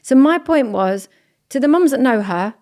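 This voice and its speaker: A woman co-hosting a podcast, telling a story in an animated, chatty way. She acts out what other people said. Her voice sits a little higher than average. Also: moderate pace. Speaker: podcast co-host. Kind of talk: casual chat.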